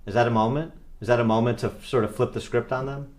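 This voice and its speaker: A man's voice: medium pitch, steady tone, fast talker, darkish tone. A man hosting a podcast, asking questions in a conversational way and searching for his words as he goes. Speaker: podcast host. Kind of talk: interview questioning.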